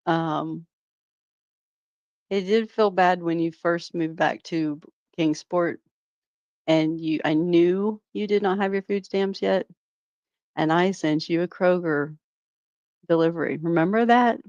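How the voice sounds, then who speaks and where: A woman's voice: fairly low pitch, a little mellow, dry recording, lo-fi sound. A woman hosting a reaction channel, giving mocking, sarcastic commentary and laughing often.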